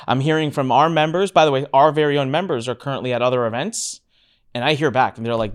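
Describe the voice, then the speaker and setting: A man in a casual podcast chat who tells his story with animated energy and blunt, frank wording. His voice sits at an ordinary middle pitch. He laughs now and then and swears casually. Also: fairly quick, clean tone. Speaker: podcast host.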